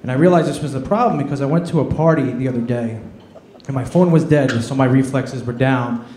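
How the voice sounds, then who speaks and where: A man's voice: medium pitch, a little fast, mellow. A man doing a stand-up set on a comedy club stage, telling self-deprecating stories into a handheld mic. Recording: echoey club room.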